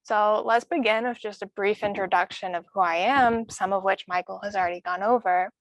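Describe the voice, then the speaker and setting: A woman's voice: medium pitch, brisk, no echo. A young woman from the Netherlands, a graduate student, giving a friendly, explanatory science lecture.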